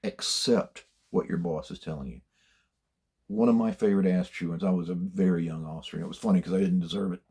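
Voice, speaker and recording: A man's voice: low voice, brisk, warm tone, slightly rough. An older man giving blunt, plainspoken career advice in a casual monologue, swearing freely as he tells stories from his working life. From United States.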